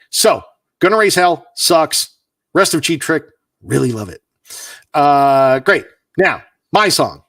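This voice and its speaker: A man co-hosting a casual podcast, ranting with mock exasperation, his pitch leaping up and down. He is set a little back from the mic in a dry, dead room. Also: no room sound, distant mic. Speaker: podcast co-host.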